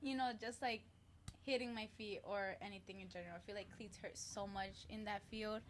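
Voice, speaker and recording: A woman's voice: medium pitch, fairly even intonation, fairly quick, a little hiss or hum. A young woman co-commentating a school soccer game, giggly and a bit hesitant. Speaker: student co-commentator. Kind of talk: casual play-by-play chat.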